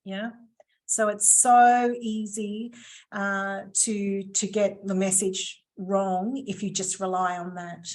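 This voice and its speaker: A woman's voice: medium pitch, little pitch movement, slow. A woman presenting a live online training session over a video call, chatty and playful with teasing asides. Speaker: workshop presenter.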